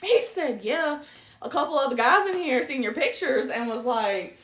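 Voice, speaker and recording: Animated woman telling stories. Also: normal speed. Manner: animated storytelling, swears freely, bursts into high laughter. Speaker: podcast co-host. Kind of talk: casual chat. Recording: roomy echo.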